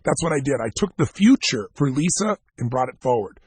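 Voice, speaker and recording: A man speaking at a self-help seminar, telling stories emphatically and talking straight to his listeners in a gravelly, husky voice. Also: mid-range voice, sing-song, fairly quick, dry recording. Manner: emphatic storytelling, direct address to listeners.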